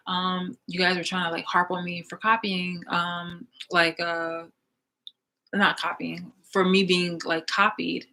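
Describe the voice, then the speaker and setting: Exasperated woman ranting at critics. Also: lowish voice. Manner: exasperated, profane, filler-heavy, swings from loud to muttered. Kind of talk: ranting vlog monologue.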